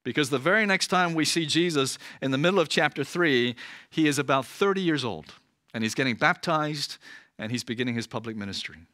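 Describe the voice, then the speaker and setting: A man's voice: on the high side, lively intonation, a little fast, bright, forceful tone, no room sound, clean studio sound. A male pastor preaching a sermon in a conversational manner, often checking in with listeners. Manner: conversational, frequent "right?" asides.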